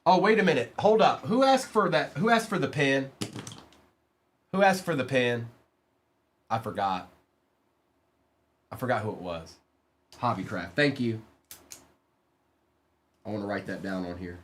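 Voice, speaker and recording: Male streamer, card break host: animated delivery, quick name calls, playful ribbing of viewers, faint hiss on the line. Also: medium pitch. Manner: rapid name-reading, teasing viewers, bursts of excitement.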